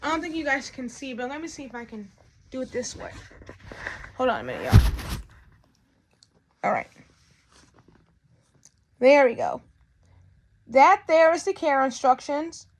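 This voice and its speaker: A high-pitched woman talks straight to her viewers as she unboxes a doll, circling back and repeating her points. A faint hiss sits under her voice. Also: huge pitch swings, measured pace, long pauses. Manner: chatty, repeats herself, addresses viewers directly. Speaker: vlogger. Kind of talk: unboxing vlog.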